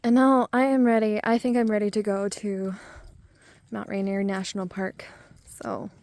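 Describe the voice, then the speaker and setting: A woman's voice: mid-range voice, level tone, normal speed, a little mellow, dry recording. A woman chatting casually while out of breath on a mountain trail, rambling and self-deprecating into a handheld camera. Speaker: vlogger. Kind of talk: casual vlog chat while hiking.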